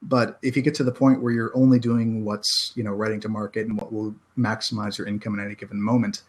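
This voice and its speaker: American male author, guest on a podcast; halting, wry, conversational. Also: fairly low pitch, flat delivery. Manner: halting, many restarts and self-deprecating laughs. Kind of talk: casual podcast chat.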